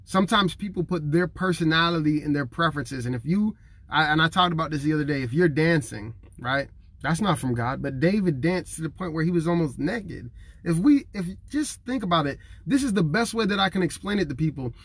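Guy preaching to his followers, kinda high voice, earnest and emotional, chatty. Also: expressive, a little fast, fairly bright tone, slightly rough, no echo. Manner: earnest and conversational, acting out what others say; emotional, fighting back tears. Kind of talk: heartfelt preaching to camera.

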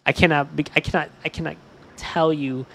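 A man's voice: on the high side, steady tone, brisk, creaky, a little hiss or hum. A young man streaming a game from home, chatting casually while upset and stressed, swearing often and saying "dude", with stretches that drop to a mumble. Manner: swears a lot, says "dude", often trails off quiet.

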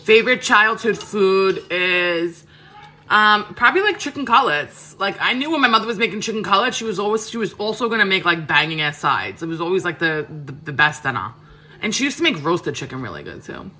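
A woman's voice: mid-range voice, lively intonation, brisk, bright, forceful tone, slight background noise. A woman, chatting casually with viewers on a livestream from her home kitchen, frank and full of fillers. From Queens, New York. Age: 30s. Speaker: cooking livestream host. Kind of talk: casual live chat answering viewers.

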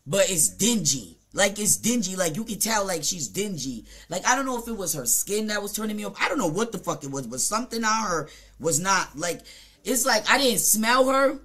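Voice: medium pitch, very animated, normal speed, bright, forceful tone. Blunt, profane Jamaican storyteller. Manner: profane, blunt, rambling with frequent fillers; mimics other people in short quoted asides. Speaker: streamer. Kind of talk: casual storytime rant.

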